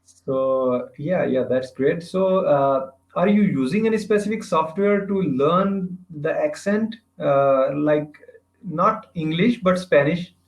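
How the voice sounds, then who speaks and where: A man chats as an English learner, pausing to hunt for words and using halting, phrasing. His voice sits a little high for a man. The video call sounds roomy and muffled, as if picked up in a bare room through a lo-fi line. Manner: searches for words, halting non-native phrasing. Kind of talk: casual practice conversation.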